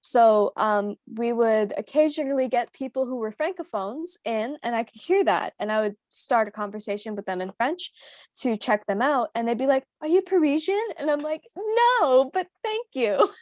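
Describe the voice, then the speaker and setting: A young American woman chatting casually as co-host, animated and laughing as she switches between English and French. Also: a little high, moderate pace, dry recording. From United States. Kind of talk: casual chat.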